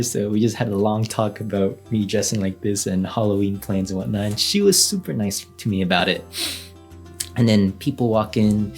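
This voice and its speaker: A man's voice: fairly low pitch, a little mellow. A young man telling a casual story as a vlogger, chatty, with lots of fillers and light laughs.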